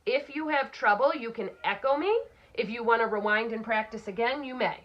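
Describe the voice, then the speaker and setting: A woman teacher giving a recorded phonics lesson for children, slowly sounding out letters and words. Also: a little high, muffled recording.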